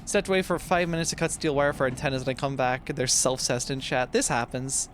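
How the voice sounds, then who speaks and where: A streamer in his twenties chats playfully and reads his chat aloud while gaming, with truck engine noise from the game behind him. His mid-range voice is steady in tone and fairly quick.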